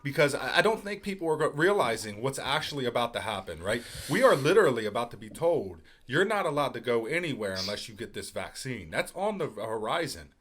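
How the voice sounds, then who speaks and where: A man hosting a live podcast, talking quickly and animatedly with his guest. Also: medium pitch. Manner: quick and animated, laughing along. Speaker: podcast host. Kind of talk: casual live podcast talk.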